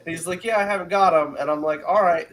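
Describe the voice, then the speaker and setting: A man co-hosting a podcast chat in an animated, storytelling way, often checking in with his listeners. His voice sits a bit high for a man, with a faint noise under it. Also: fast, low-quality recording. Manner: animated, repeats "you know what I mean". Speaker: podcast co-host, comic creator. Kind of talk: casual chat.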